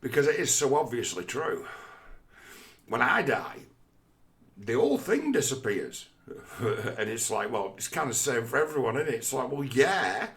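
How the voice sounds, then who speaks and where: A man's voice: mid-range voice, very animated, moderate pace, fairly bright tone. A man in a casual, rambling monologue, swearing often and talking conversationally.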